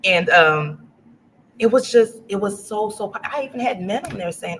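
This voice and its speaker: A middle-aged woman from Louisiana, a business-owner guest telling her story in a casual interview, animated, acting out quotes and laughing often. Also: mid-range voice, normal speed. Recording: noisy livestream audio.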